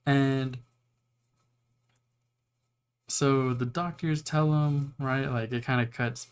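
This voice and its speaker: A man's voice: medium pitch, fairly even intonation, measured pace, smooth. A young man casually retelling an anime plot, rambling and swearing, now and then acting out the characters' lines. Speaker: anime reviewer.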